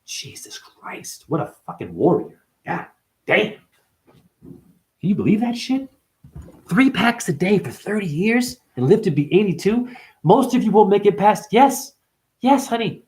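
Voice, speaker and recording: Rambling, profane male spiritual vlogger. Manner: profane, rambling, with sudden jumps in pitch. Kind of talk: rambling livestream monologue.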